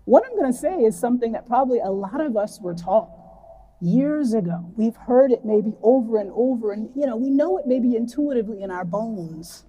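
A woman preacher giving a reflective, earnest sermon and reading scripture slowly and deliberately. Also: a little high, animated, warm tone, husky. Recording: long hall reverb.

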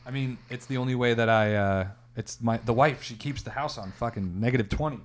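A man's voice: medium pitch, fairly quick, slight background noise. A man co-hosting a casual comedy chat, laid-back, laughing often and playing along with the jokes.

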